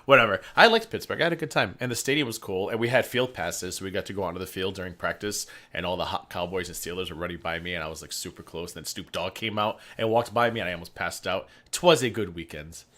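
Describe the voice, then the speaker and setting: Low-voiced guy talking fast and punchy, rambling stories with lots of swearing. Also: sharp tone. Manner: chatty, profane, rambling anecdotes. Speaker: guest on the stream. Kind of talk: casual storytelling chat.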